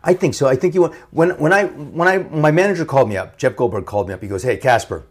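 A man guesting as an actor in a casual interview, telling stories quickly and acting out what others said. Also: on the high side. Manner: fast, animated storytelling with quoted voices.

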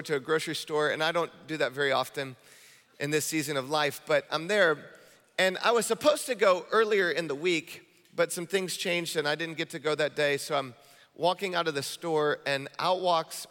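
A male pastor preaching a sermon in an energetic, conversational style, repeating phrases for emphasis. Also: fairly high pitch. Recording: long hall reverb.

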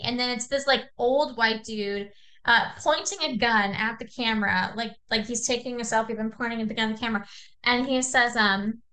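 A young adult woman co-hosting a podcast, telling a story in casual chat, animated and swearing freely as she acts out quoted texts. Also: fairly high pitch, brisk, low-quality recording. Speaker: podcast co-host.

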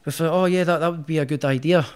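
A man's voice: on the high side, fast talker, clear, resonant tone. A young man, a professional boxer telling stories in a casual interview, with many restarts. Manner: rambling, animated storyteller with many restarts.

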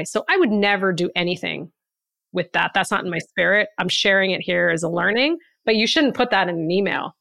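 A woman co-hosting a podcast in casual chat, telling stories with lively, emphatic exclamations. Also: mid-range voice, creaky, dry recording, studio quality. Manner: animated storyteller with emphatic exclamations. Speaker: podcast co-host.

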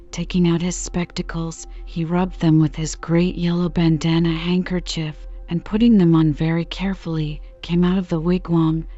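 Woman, sleep-podcast reader; low, mellow, dull lo-fi audio. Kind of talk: calm bedtime audiobook reading.

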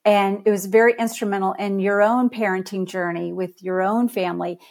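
A woman's voice: mid-range voice, brisk. Middle-aged woman telling stories on a podcast. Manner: lively storyteller who laughs easily. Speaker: podcast guest, author and speaker. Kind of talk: podcast interview storytelling.

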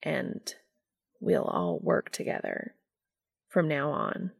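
A woman voicing a calm, gentle man who speaks in a quiet, soothing murmur. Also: sits low, slow pace, vocal fry, slightly rough, heavily acted. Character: calm, gentle man, steady and soft-spoken.

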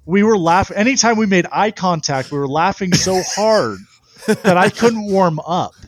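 A young man, a baseball pitcher, telling stories in a casual interview and laughing often. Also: lively intonation, moderate pace, no echo.

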